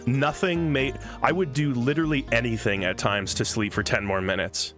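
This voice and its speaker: A man's voice: medium pitch, steady tone, moderate pace. A man streaming a game live, chatting casually and rambling, often restarting his sentences. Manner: rambling, chatty, self-interrupting. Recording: game music behind.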